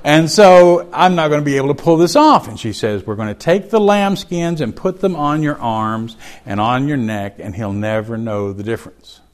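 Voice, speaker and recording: A man with an expressive mid-range voice teaches a Bible chapter at normal speed, hardly pausing. He reads verses aloud and then explains them in folksy, conversational asides.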